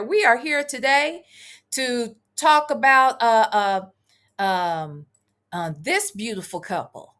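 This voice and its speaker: A woman's voice: on the high side, animated, unhurried, fairly bright tone. A middle-aged woman, chatting casually on a live reaction stream, reading comments and wandering off topic with swearing and laughing asides.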